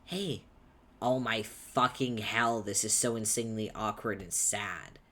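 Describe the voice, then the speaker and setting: A man voicing an angry, foul-mouthed young male troll, shouting insults impatiently, reading a webcomic aloud. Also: on the low side, steady tone, measured pace. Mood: irritated.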